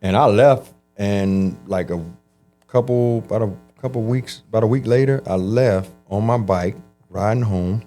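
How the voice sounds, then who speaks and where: A man telling his life story in an interview, animated and acting out the voices of people he quotes. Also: fairly low pitch, measured pace, soft background music. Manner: animated, acts out quoted voices, frequent restarts. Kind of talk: conversational storytelling.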